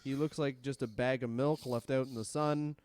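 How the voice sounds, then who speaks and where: A man's voice: medium pitch, steady tone, normal speed, darkish tone. A man from Canada co-hosting a podcast, telling rambling comic stories with lots of swearing. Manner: profane, rambling storyteller. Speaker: podcast co-host. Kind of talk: casual comedic chat.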